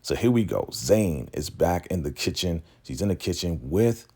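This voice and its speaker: A man hosting a casual episode recap, telling it in an animated way with quick laughs. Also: low-pitched, husky. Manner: animated storytelling, slips in laughs and acted-out quotes. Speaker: YouTube recap host.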